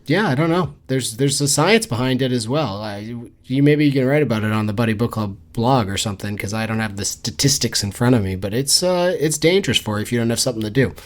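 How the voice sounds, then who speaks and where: A man's voice: medium pitch, fast talker, few pauses. A man hosting a casual book podcast, joking and acting out characters' lines. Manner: jokey, animated, acts out quotes. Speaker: podcast host. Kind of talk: casual chat.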